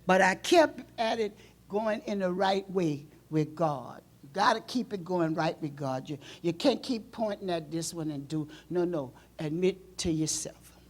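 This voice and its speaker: Unhurried, a female pastor delivers her sermon in a church, moving from loud, emotional bursts to quiet, low-voiced stretches.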